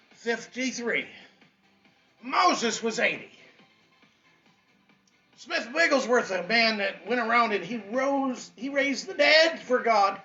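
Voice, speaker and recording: A man's voice: very high-pitched, bright, forceful tone. A man giving a fiery, preachy motivational speech as a fitness coach, hammering points home with repetition. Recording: dull lo-fi audio with faint music.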